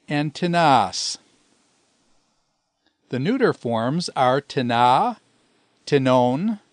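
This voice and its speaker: A man giving a recorded grammar lesson, explaining patiently and slowing down to spell out word forms. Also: medium pitch, no echo. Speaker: Greek teacher.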